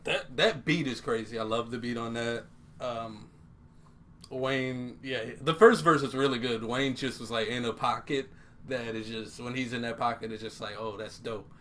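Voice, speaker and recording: A man's voice: mid-range voice, normal speed, pushed and bright. A young man co-hosting a podcast, joking and swearing casually, often laughing while he talks. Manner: laughing, profane, jokey banter. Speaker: podcast co-host. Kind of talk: casual chat. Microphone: headphones and studio mic.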